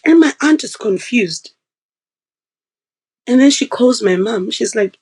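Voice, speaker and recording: Here a woman appears as a podcast guest, telling her own story with easygoing energy and mimicking those she quotes. Her mid-pitched voice moves at a moderate pace, breaks often for pauses, and carries a breathy edge. The audio is poor.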